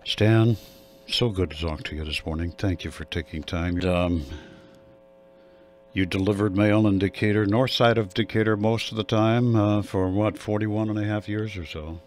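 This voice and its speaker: A man's voice: on the low side, fairly even intonation, moderate pace, slight background noise. A male radio host interviewing a guest, affirming his answers and summing up the story.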